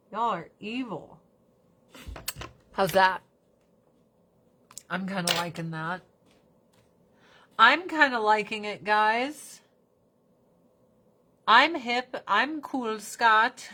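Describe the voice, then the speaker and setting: Animated woman chatting on a livestream. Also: medium pitch, a little hiss or hum. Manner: animated, breaks into mocking put-on voices; swears casually, talks fast then drags words out. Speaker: livestream host. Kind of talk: casual livestream chat.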